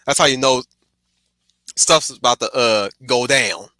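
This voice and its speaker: A man streaming casual, digressive commentary; he gets excited, laughs often and apologizes for getting sidetracked. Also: mid-range voice, a little slow, no room sound.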